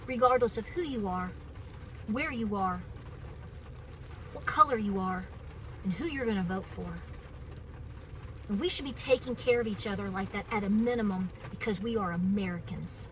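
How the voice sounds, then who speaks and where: A woman's voice: fairly high pitch, normal speed, bright, forceful tone, slight background noise, rough recording. A woman homesteading vlogger speaking outdoors on her farm in an impassioned, preachy, emphatic way. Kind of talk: outdoor political vlog rant.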